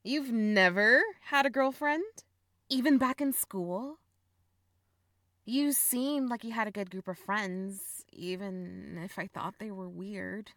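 A teasing big sister who swears without a second thought, played by a young woman. She talks slowly and unhurriedly, her voice close to the mic and completely dry. Blunt and playful, she pokes fun at her younger sibling. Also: mid-range voice, gravelly, dry recording. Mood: amused disbelief. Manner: teasing, blunt, swears freely, laughs often. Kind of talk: audio role-play.

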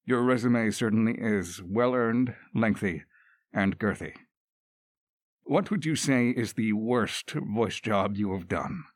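A man interviewing a guest, asking scripted questions with wry, deadpan double-entendres. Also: on the low side, takes it slowly, no echo, studio quality.

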